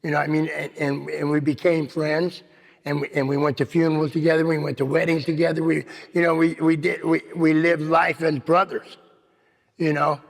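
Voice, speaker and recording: A man's voice: on the high side, level tone, normal speed, gravelly. A man giving a rambling personal recovery share at a meeting, full of "you know what I mean.". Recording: long hall reverb.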